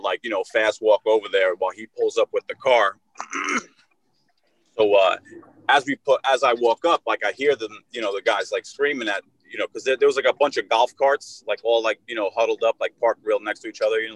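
A young man co-hosting a casual podcast, telling a long story full of swearing and filler words, and loudly acting out the shouted lines of the people in it. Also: lowish voice, dry recording, poor audio. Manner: profane, rambling, with heavy fillers; acts out shouted quotes in a raised voice. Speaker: podcast co-host.

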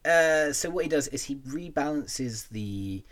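A man's voice: mid-range voice, lively intonation, measured pace, darkish tone. A man co-hosting a casual movie podcast, joking, acting out lines and laughing often. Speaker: podcast co-host. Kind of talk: casual movie-review banter.

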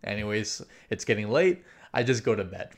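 A man's voice: lowish voice, big pitch swings, normal speed. A young man casually telling a story, rambling with lots of fillers, swearing freely and acting out his own inner thoughts.

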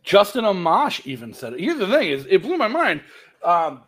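A man's voice: high voice, wildly swooping pitch, moderate pace, a bit bright. A man in a casual podcast discussion, talking bluntly with incredulous asides and casual swearing. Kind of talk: casual podcast panel talk.

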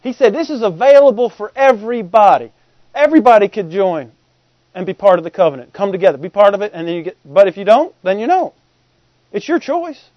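A man's voice: sits high, very animated, brisk, dry recording, highs cut off. A middle-aged man, preaching a sermon in a folksy, conversational way and often asking the congregation if they follow. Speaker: pastor.

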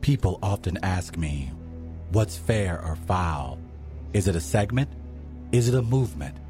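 A man's voice: low voice, lively intonation, measured pace. A man giving a mock-grand, speechlike segment intro as a played-in clip. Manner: solemn, speechlike delivery. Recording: played-in clip over music.

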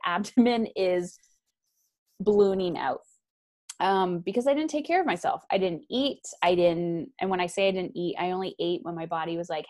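Frank woman telling her story, low voice. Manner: frank and animated, acts out quoted voices, quick asides. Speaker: guest, author. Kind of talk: candid personal storytelling in conversation. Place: lives in Ontario, Canada.

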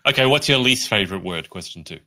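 A male podcast host running an interview in a friendly, measured way. His voice sits a bit low with a bright, forward edge. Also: lively intonation. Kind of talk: interview hosting.

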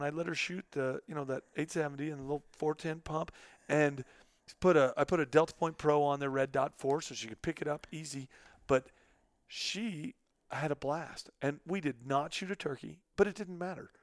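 A man's voice: fairly high pitch, creaky, dry recording. A middle-aged man hosting a podcast in casual chat, talkative and openly emotional, with lots of fillers. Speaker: podcast host.

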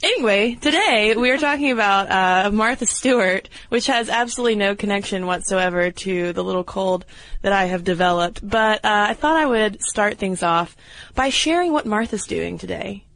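A chatty woman co-hosting a podcast, slightly hoarse from a cold and quick to laugh. She sounds close and dry, with no room around her voice. Her delivery is loose and wry. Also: mid-range voice, fairly bright tone, dry recording. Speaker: podcast co-host. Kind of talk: casual chat.

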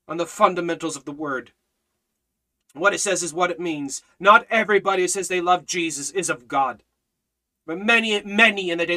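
Fiery high-voiced male preacher. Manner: exhorting, repetitive rhetorical questions; swings between loud shouting and low intensity. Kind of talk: fiery sermon.

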